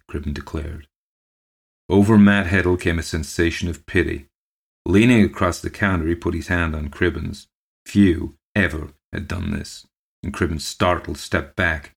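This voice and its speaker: Male narrator, very low voice, measured audiobook read. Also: steady tone, vocal fry, slightly rough. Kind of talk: audiobook reading of a ghost story.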